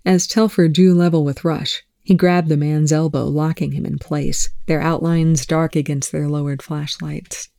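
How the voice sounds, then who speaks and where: A narrator reading fan fiction aloud with a measured, hushed sense of suspense. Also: mid-range voice, little pitch movement, creaky, no room sound, clean studio sound.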